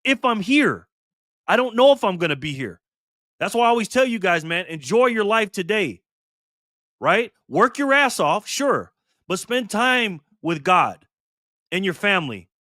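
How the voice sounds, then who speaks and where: A man's voice: high-pitched, big pitch swings, a little slow, pushed and bright, no room sound, clean studio sound. Fiery profane man in his fifties. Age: 50s. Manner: heated, profane, emphatic, preachy. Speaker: channel host. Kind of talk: direct-to-camera vlog rant.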